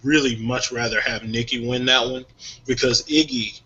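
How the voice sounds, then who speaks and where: Opinionated man with a bright voice. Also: mid-range voice, normal speed. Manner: opinionated, animated, laughs often. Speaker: podcast co-host. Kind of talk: casual music talk. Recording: dull lo-fi sound.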